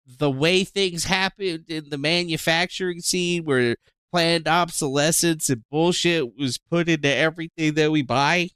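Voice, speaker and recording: A man's voice: a little high, fairly bright tone, clear, resonant tone, dry recording, clean studio sound. A man, ranting casually and profanely on a livestream, sighing and sarcastic. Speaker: livestream host. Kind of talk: rambling livestream rant.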